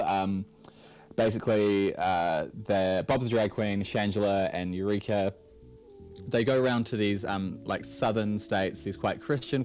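A man's voice: on the low side, darkish tone. A man talks casually in a radio studio, filling his sentences with ums and uhs. Faint music plays underneath. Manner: chatty, many ums and uhs. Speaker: TV reviewer guest.

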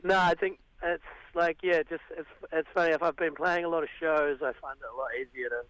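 A man with a New Zealand accent, a band singer, talking casually and hesitantly, his voice a bit raspy after a gig. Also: on the high side, steady tone, fairly quick, fairly bright tone, no room sound, rough recording. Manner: hesitant, lots of ums and trailing off. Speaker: band singer, interview guest. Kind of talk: casual phone-in radio interview.

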